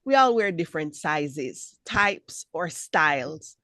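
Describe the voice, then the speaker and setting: A woman giving spoken feedback as a speech evaluator on a video call, encouraging and lively, acting out examples as she talks. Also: sits low, slow, few pauses, no echo. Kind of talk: spoken feedback at an online meeting.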